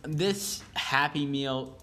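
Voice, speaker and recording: A man's voice: fairly high pitch, extremely slow, a crowd in the background. A young man, a podcast guest, talking in a dry, laughing, tired late-night way. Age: young adult. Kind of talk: casual chat. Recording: echoey room, faint noise.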